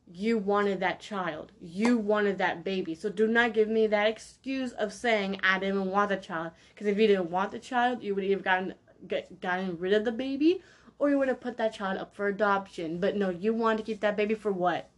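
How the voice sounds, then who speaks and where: A woman's voice: mid-range voice, moderate pace. Blunt, heated young woman podcaster. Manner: blunt and heated, repeats points, slangy. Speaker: podcast host. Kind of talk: opinionated solo podcast rant.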